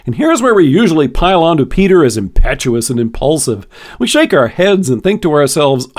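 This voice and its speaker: A man reads a devotion in a scripted, even-paced delivery with a somewhat high voice. His pitch rises and falls widely as he leans into key words. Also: a little fast. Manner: expressive, varied emphasis. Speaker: devotional podcast host.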